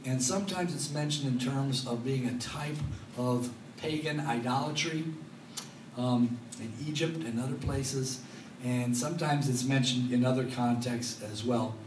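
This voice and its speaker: A man preaching a Bible study sermon to a congregation, talking in a lively, joking way. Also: medium pitch, a little slow, noisy background. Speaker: pastor. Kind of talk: expository Bible teaching. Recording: echoey room, mic at a distance.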